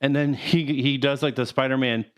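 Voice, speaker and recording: A man's voice: mid-range voice, fairly even intonation, a little fast, clear, resonant tone. A man with an average voice in easy conversation, retelling movie moments in a loose, meandering way. He strings his thoughts together with plenty of casual fillers. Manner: rambling, filler-heavy recounting with laughs. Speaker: podcast co-host. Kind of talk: casual chat.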